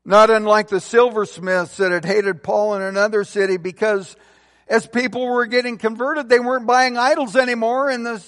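A man preaching a sermon as a pastor, earnestly building to emphatic peaks and dropping to soft, low phrase endings. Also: steady tone, normal speed, in a large hall.

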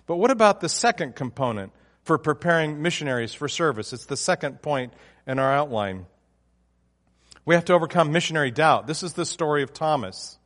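A man's voice: fairly high pitch, a bit bright, big-room sound. A man preaching a sermon, emphatic and often restarting his phrases. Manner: emphatic, with frequent restarts and fillers.

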